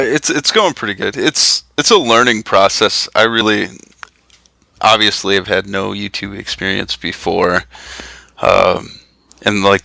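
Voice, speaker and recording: A man speaking as a podcast guest in casual chat, relaxed and self-deprecating, with lots of fillers and restarts. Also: lowish voice, gravelly, no echo, rough recording. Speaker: guest, retro game YouTuber.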